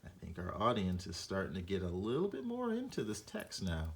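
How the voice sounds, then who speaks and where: A man teaching a reading lesson, explaining punctuation and reading a short story aloud to show flat and expressive delivery. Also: low-pitched, fairly quick.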